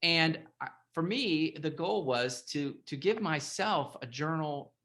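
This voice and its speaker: A host talking in a casual interview over a video call, halting and repeating words, emotional and animated. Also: mid-range voice. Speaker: podcast host and author.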